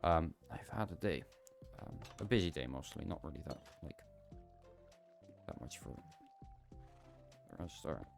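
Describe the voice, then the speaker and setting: A young man with a deep voice chatting casually and a bit tiredly to himself while streaming a game. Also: expressive, normal speed, gravelly, long pauses, faint music behind. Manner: rambling, self-talking, tired. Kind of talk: casual gaming livestream chat.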